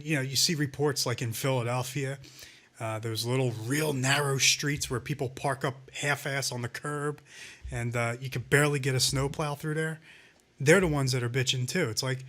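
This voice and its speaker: A man's voice: medium pitch, fairly bright tone. A man co-hosting a casual talk show, ranting sarcastically and swearing often. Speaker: podcast co-host. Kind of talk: casual profane chat.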